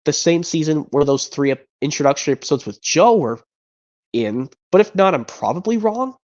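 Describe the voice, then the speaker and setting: A man's voice: a little high, animated, brisk, darkish tone. A man streaming, chatting casually and rambling with frequent restarts and repeated words. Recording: dull lo-fi sound.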